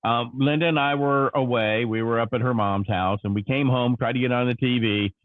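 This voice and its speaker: A man's voice: mid-range voice, fairly even intonation, fairly quick, dry recording. A man hosting a live local morning show, telling a rambling story in casual chat with many fillers and restarts. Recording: dry, phone-like narrow sound.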